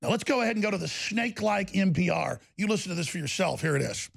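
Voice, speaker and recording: A male host delivering an angry political commentary, ranting with heavy sarcasm. His voice sits high and has a gravelly, fried edge. He talks in heated bursts. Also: lively intonation, fast talker. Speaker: show host.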